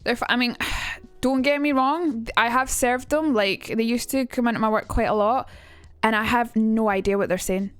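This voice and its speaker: A woman's voice: fairly high pitch, moderate pace, hardly any pauses, clear, resonant tone, dry recording. A woman streamer chatting casually and rambling as she reacts to her chat during a live stream, speaking into a streaming mic.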